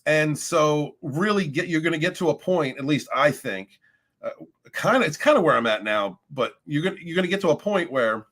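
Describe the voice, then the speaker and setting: A man's voice: on the high side, animated, normal speed, a bit bright. A man hosting a casual motivational livestream who talks in a rambling, profane way with many restarts. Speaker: livestream host, abuse recovery talker.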